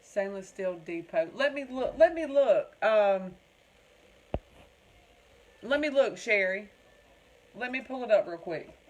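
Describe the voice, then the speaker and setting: Woman, Southern American accent, folksy chatty livestream host, reads viewer comments aloud, mid-pitched voice. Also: expressive, slow pace, pauses often, slight background noise, poor audio. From North Carolina. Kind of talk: casual livestream chat reading viewer comments.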